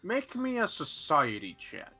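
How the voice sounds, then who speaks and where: A man's voice: on the high side, wildly swooping pitch, unhurried, sharp tone, slightly rough, faint music behind. A man narrating as game master, rambling with lots of filler.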